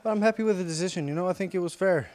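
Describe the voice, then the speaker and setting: A young man whose English carries a faint Irish lilt, though it is not his first language. He answers quietly and hesitantly, with many pauses and fillers, in a slightly higher voice, in a gym. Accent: slight Irish-tinged English. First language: Icelandic. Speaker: interviewed fighter. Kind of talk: casual interview answers. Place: sports gym.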